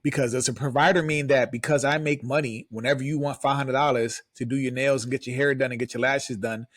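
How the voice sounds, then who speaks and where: A man's voice: medium pitch, fairly even intonation, fairly quick, fairly bright tone, no room sound. A man co-hosting a podcast, arguing emphatically with repeated rhetorical questions in casual talk. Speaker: podcast co-host.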